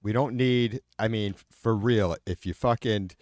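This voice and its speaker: A man's voice: on the low side, a little slow, a little mellow, no echo. A man from Michigan hosting a casual livestream, reading viewer comments and ranting angrily with lots of swearing, fillers and restarts. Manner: profane, angry ranting with frequent fillers and restarts. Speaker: livestream host.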